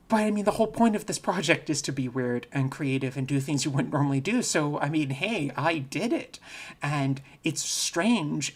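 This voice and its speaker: A speaker giving a recorded virtual conference talk, explaining casually and thinking aloud with frequent restarts. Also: medium pitch. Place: home, recorded remotely.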